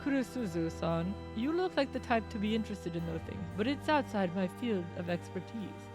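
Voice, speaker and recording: A woman's voice: medium pitch, expressive, brisk, music in the background, lightly acted. A woman voicing a proud, egotistical male teacher in a game, speaking in a pompous, formal way.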